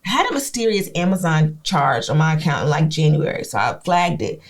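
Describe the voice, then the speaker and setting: A young woman co-hosting a podcast, telling stories in casual chat, animated and swearing, acting out what people said. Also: sits low, a little fast. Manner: animated, swearing, acts out quotes. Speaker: podcast co-host.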